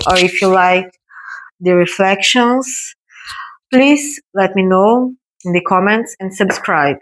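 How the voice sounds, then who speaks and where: Slow-talking woman. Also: mid-range voice, rough recording. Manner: gentle, encouraging, chatty, thinking aloud while painting. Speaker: watercolor artist hosting a painting video. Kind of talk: casual painting tutorial.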